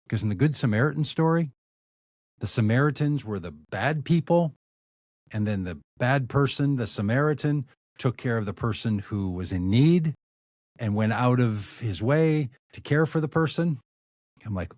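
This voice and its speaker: A man, an activist and author, telling a relaxed anecdotal story as a podcast guest, trailing off into low asides. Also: normal speed, no room sound, clean studio sound. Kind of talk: storytelling in conversation.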